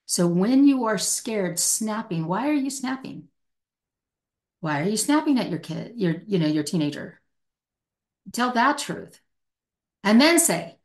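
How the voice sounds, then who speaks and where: A middle-aged hostage negotiator, a woman, answers a podcast interviewer with passion and emphasis, acting out quoted lines. Her mid-range voice has lively intonation and an unhurried pace.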